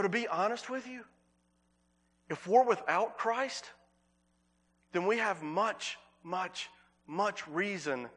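A man preaching a sermon as pastor, earnest, repeating words for emphasis and slowing on key phrases. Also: sits high, fairly bright tone.

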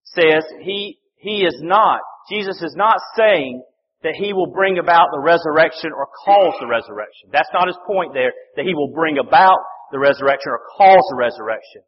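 A man's voice: fairly high pitch, animated, moderate pace, slightly rough. A man preaching a sermon, earnest and conversational, often calling his listeners folks. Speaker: pastor. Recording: dull sound with long reverb in a hall.

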